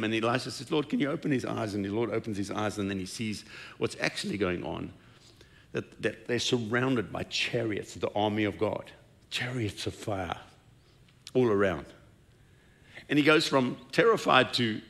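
A man preaching a sermon as pastor, retelling scripture scenes in an animated storytelling way. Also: medium pitch, normal speed, creaky.

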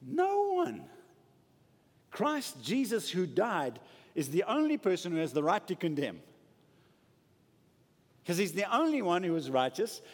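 A man delivers a sermon with emphatic, swinging delivery, his voice sitting a bit high and ranging widely. The sound carries a long reverb from a large church hall. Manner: emphatic, animated preaching. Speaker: preacher.

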